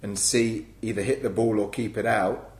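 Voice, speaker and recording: A man co-hosting a casual chat, musing and trailing off quietly. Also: fairly low pitch, steady tone, normal speed, echoey room, low-quality recording. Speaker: podcast co-host.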